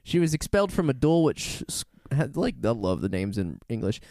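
With a medium-pitched voice moving a little fast, this podcast co-host tells an animated story, laughing often and rambling through self-corrections. The sound is studio quality, with no echo.

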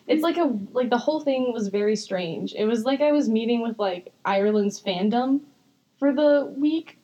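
A young woman co-hosts a chatty podcast, rambling through stories and giggling often. Her voice sits a bit high and has a husky, breathy edge. She swears casually and keeps things loose. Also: expressive, moderate pace, mellow, highs cut off. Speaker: podcast co-host. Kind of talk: casual chat.

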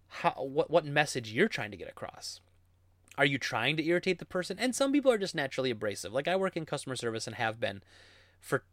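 A man in his thirties who works in game retail answers viewer questions in a rambling, casual way, laughing and acting out customers' quotes in animated stories. His voice is medium-pitched, in a dry, studio-quality recording.

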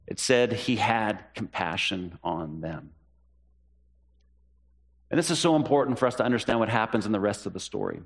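A pastor preaching a sermon, earnest and repeating key phrases for emphasis. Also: male voice, lively intonation, moderate pace, gravelly, long pauses, slightly rough. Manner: rises in pitch when voicing the disciples' questions.

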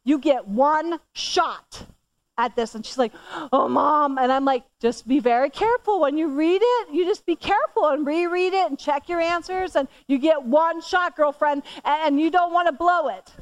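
A middle-aged woman gives a sermon in a conversational, storytelling way. Her voice sits high, and it climbs even higher when she acts out her own scolding before dropping low and soft for the serious points. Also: a little fast, few pauses. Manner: animated, rising high when quoting herself scolding. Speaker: church speaker.

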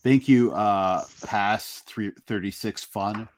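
A man co-hosting a casual chat, laughing and relaxed, swearing casually. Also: fairly low pitch, slow. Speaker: co-host.

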